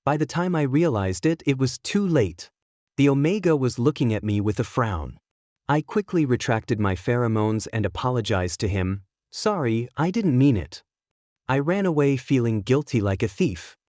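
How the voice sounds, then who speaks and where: Steady male story narrator, dry sound. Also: medium pitch, moderate pace, no room sound. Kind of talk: first-person scripted story narration.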